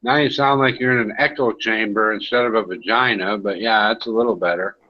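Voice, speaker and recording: A man's voice: on the low side, fairly even intonation, fairly quick. A man in casual online chat, blunt, crude and sarcastic. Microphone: online voice call. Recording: dull lo-fi online call.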